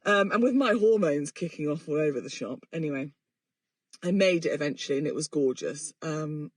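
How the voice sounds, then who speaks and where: A woman's voice: low voice, lively intonation, moderate pace, no room sound. A woman, hosting a podcast in a rambling, self-mocking and sweary casual chat. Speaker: podcast host. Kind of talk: casual chatty monologue.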